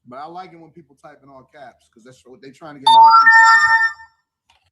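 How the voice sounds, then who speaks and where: A man talks on his livestream in a loose, casual way, boasting and cracking crude jokes. His voice sits high and has a sharp, bright edge. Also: huge pitch swings, normal speed. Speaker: livestream show host.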